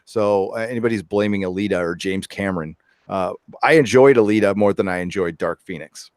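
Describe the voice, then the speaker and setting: A man's voice: sits low, brisk, darkish tone, no room sound, studio quality. A middle-aged man hosting a casual podcast chat, rambling with lots of fillers and hedges. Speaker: podcast host.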